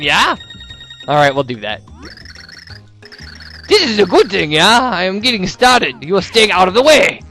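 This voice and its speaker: A man's voice: high voice, fairly bright tone, heavily acted. A man voicing a cheery male construction worker with a corny put-on German accent and broken English, tagging lines with "yeah?".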